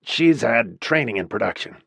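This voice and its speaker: A man's voice: medium pitch, expressive, normal speed, creaky, fairly bright tone, breathy edge, dry recording, studio quality, full character voice. A male narrator voicing a sleazy, defensive office boss who talks in a curt, insinuating way.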